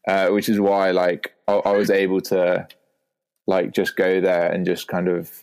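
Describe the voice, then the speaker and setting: Low, darkish and smooth, his voice comes out unhurried and totally flat. He's a twenty-something Englishman with a posh London accent, a podcast guest making casual conversation in a hesitant, stammering, self-conscious way.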